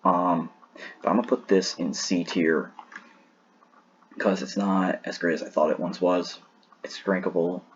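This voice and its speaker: A man with a very husky, breathy voice talks casually and sleepily, wandering and correcting himself as he goes. The recording sounds dull and lo-fi. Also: low voice, measured pace, long pauses. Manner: relaxed, rambling, restarts often. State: sleepy, yawning. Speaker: tier list host. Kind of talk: casual solo commentary.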